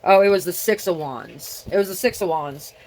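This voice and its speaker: In her solo video chat, a middle-aged woman speaks at a normal pace with a fairly low, somewhat mellow voice. Her rambling is scattered and inward-facing, and her thoughts often drift off unfinished.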